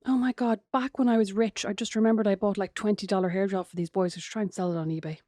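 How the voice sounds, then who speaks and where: A woman in her thirties with an Irish accent co-hosting a casual podcast chat with her sister, an animated storyteller who does voices. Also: mid-range voice, fast, no room sound, clean studio sound. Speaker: podcast co-host.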